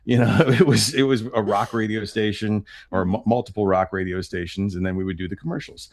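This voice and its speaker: A man's voice: fairly low pitch, fairly quick, dry recording. A middle-aged man and voice actor, a podcast guest, chatting casually in a projecting voice and laughing often. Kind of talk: casual interview chat.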